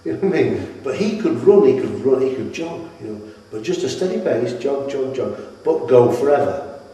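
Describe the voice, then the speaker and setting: A middle-aged man spins animated stories, restarting his sentences often. His voice sits mellow and dark. The echoey room and distant mic give it a long, roomy tail. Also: medium pitch, moderate pace. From Britain. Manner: rambling, animated, with many restarts. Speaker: retired wrestler interviewee. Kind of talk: anecdotal interview storytelling. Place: at his home.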